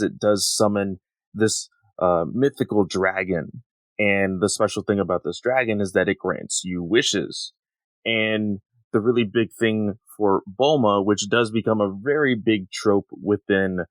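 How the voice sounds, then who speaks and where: Low-voiced man chatting casually. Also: dry recording. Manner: relaxed, heavy use of "like". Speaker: podcast co-host. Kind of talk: casual podcast discussion.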